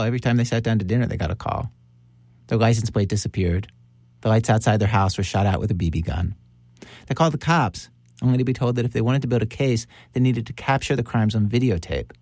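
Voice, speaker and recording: A man hosting a documentary audio show, narrating a story calmly and putting questions to his guests. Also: medium pitch, no echo. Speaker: host and interviewer.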